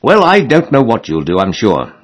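A man's voice: mid-range voice, huge pitch swings, normal speed. A man reading aloud, voicing a matter-of-fact village local who gives directions. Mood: helpful. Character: helpful male village local, middle-aged.

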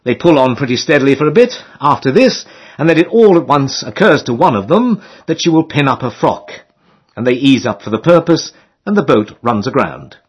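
A man's voice: mid-range voice, big pitch swings, fairly quick, husky, muffled recording. A man reading a comic novel aloud in a wry storytelling manner. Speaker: audiobook narrator. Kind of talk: scripted narration of a comic novel.

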